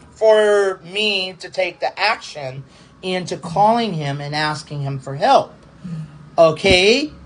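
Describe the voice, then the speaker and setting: A man, a pastor, telling a personal testimony in a halting, repetitive way, circling back over the same phrases. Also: high voice, fairly bright tone, rough recording.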